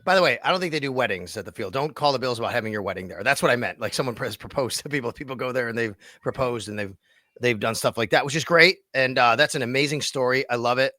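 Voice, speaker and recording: A man's voice: medium pitch, quick pace, sharp tone, no room sound, clean studio sound. A man co-hosting a sports podcast, chatting casually and enthusiastically affirming his partner. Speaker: podcast co-host.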